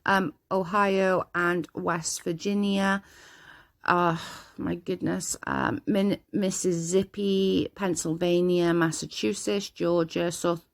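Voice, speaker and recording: Woman with a low gravelly voice reading stats slowly, tripping on names and reacting as she goes. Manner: stumbles over names, reacts with exclamations. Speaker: video host reading out statistics. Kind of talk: casual reading aloud with comments.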